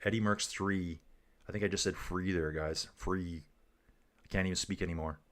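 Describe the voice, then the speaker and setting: Chatty low-voiced man doing live commentary. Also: steady tone, a little fast, fairly bright tone. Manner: chatty, jokey, reads viewer comments aloud. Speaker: livestream race commentator. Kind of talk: casual live commentary reading chat.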